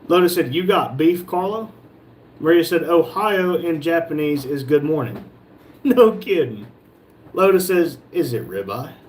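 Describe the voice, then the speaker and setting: A man's voice: high voice, a little hiss or hum. A man hosting a live stream from a shop, reading viewers' comments aloud and joking back at them. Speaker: livestream host reading chat. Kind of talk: casual live chat.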